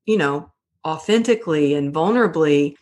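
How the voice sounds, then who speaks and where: A woman's voice: deep voice, lively intonation, moderate pace, darkish tone. Earnest woman telling her story. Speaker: podcast guest. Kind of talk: casual conversation.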